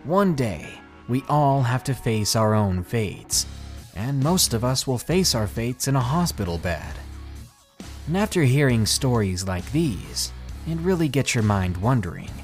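A man hosting a podcast, narrating a scary first-person story in a hushed, suspenseful way. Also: mid-range voice. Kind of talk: scripted horror story narration.

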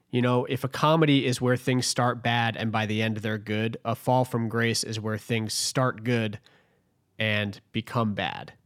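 A man co-hosting a casual chat podcast, explaining his ideas thoughtfully and joking along. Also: mid-range voice. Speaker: podcast co-host.

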